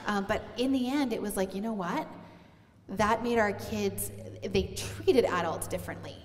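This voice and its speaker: A woman's voice: medium pitch, moderate pace. A middle-aged woman sharing earnestly on stage in a church, speaking directly to mothers in a conversational sermon. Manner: earnest, heartfelt, addressing moms directly. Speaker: pastor's wife sharing on stage. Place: church auditorium. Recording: long church hall reverb.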